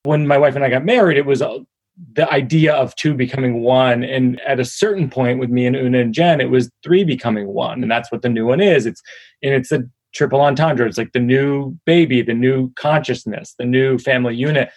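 A man's voice: mid-range voice, a little fast, dry recording. A middle-aged man, a comedian, chatting casually and joking in a self-deprecating way in an interview. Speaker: comedian guest.

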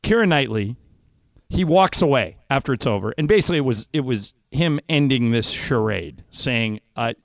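Male radio host, even mid voice, dry studio sound, argumentative banter. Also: mid-range voice, moderate pace, no echo. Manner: teasing, argumentative. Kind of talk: casual banter and live ad read.

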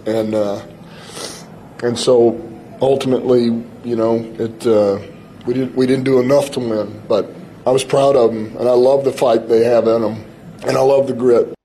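Male football coach at a presser, dark mellow voice, halting, faint background noise. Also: medium pitch, fairly even intonation, low-quality recording. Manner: emotional, halting, repeats himself. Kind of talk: post-game press conference.

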